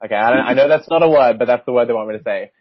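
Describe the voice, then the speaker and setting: A man's voice: medium pitch, racing, dry recording. A young Australian man in his twenties, a spiritual guide giving a casual reading, laughing between phrases. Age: 20s. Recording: muffled lo-fi call audio.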